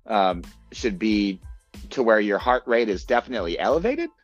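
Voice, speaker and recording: A man hosting a fitness podcast, talking quickly and eagerly, restarting and repeating words as he makes his points. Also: fairly low pitch, very animated, no room sound, soft background music. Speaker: podcast host and fitness coach. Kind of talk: casual podcast chat. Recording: dull lo-fi audio.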